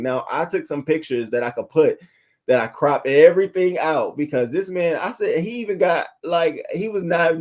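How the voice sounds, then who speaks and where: A man hosting a celebrity gossip live stream, chatting in a casual, animated way and greeting viewers in the chat. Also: a little high. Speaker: celebrity gossip show host.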